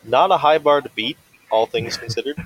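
A man's voice: medium pitch, moderate pace, fairly bright tone, slightly rough, no echo, low-quality recording. A young man co-hosting a casual podcast, with dry, joking remarks. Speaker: podcast co-host. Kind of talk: casual chat.

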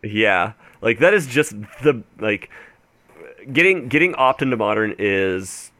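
A man co-hosting a podcast in a slightly low, bright voice, recorded dry and close. He hedges his opinions and stumbles through restarts before landing on a point. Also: expressive, a little slow, no echo. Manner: hesitant, hedging, many restarts. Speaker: podcast co-host. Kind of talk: casual chat about a card game.

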